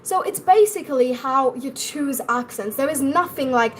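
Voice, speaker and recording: A woman's voice: high-pitched, expressive, moderate pace, a little hiss or hum. A young woman with an Indian English accent, teaching pronunciation on a live stream and answering viewers' comments as she goes.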